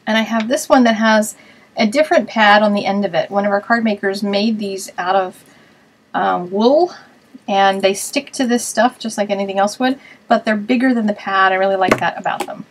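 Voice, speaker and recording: A woman's voice: mid-range voice, normal speed, low-quality recording. A woman hosting a card-making web show, chatting casually and thinking aloud as she works on a live stream.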